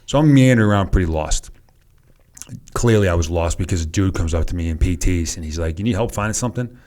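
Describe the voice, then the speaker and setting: A man in his thirties with a Boston accent, a former soldier telling relaxed, self-deprecating stories as a podcast guest. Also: low voice, brisk. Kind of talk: casual storytelling interview.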